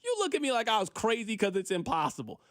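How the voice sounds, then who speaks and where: A man hosting a sports radio show, talking in an animated, mock-exasperated way and often repeating himself. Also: high-pitched, fast talker, dry recording, studio quality.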